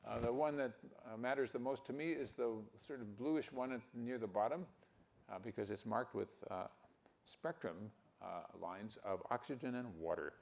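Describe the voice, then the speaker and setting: An older man giving a conference talk, speaking haltingly with many fillers and restarts. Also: medium pitch, vocal fry, darkish tone. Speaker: keynote speaker.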